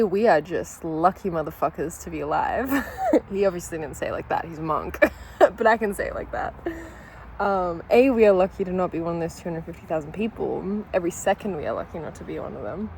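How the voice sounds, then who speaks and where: A woman's voice: lowish voice, brisk, vocal fry, darkish tone, slight background noise, low-quality recording. A woman chatting casually in a vlog at home over breakfast, candid and swearing freely, overwhelmed with emotion and laughing through near-tears. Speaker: vlogger. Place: at home during breakfast, with her dogs.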